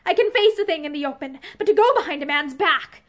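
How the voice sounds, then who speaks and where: A woman's voice: very high-pitched, animated, moderate pace. A woman reading the part of a lovesick man who pleads passionately with the married woman he loves. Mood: passionate pleading. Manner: impassioned, pleading.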